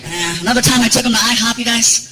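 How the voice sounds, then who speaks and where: A man doing stand-up comedy, telling animated jokey stories and acting out voices on a live stage. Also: very high-pitched, fast talker. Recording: echoey live venue.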